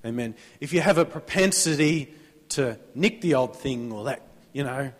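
Australian pastor preaching in a reverberant church. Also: male voice, medium pitch, lively intonation, normal speed. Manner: conversational preaching, prompting the congregation to answer amen. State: sore throat. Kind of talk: sermon.

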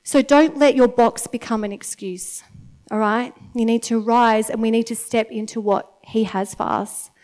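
Woman, mother, church speaker; slightly high voice, conversational storytelling sermon with frequent check-ins. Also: steady tone, moderate pace, a little mellow. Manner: chatty, storytelling, keeps checking in with the audience by asking "okay?".

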